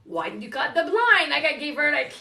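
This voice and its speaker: A woman's voice: high voice, very animated, brisk, creaky, bright, forceful tone, echoey room, far from the mic, faint music behind. A woman venting candidly about motherhood in casual live-stream chat while folding laundry at home, swearing and laughing often. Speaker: live streamer, single mom.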